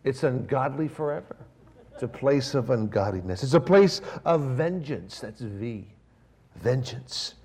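A man preaching a sermon, swinging between raised, emphatic preaching and hushed, near-whispered lines, with slow, stressed lists. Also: mid-range voice, expressive, slightly rough. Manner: slow, emphatic delivery of lists and repeated phrases. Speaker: pastor.

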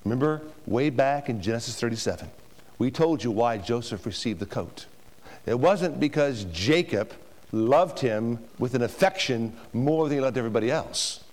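A man's voice: mid-range voice, lively intonation, normal speed, darkish tone. A man preaching a sermon to a congregation, emphatic, with rhetorical questions to the room. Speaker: pastor. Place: church before a congregation.

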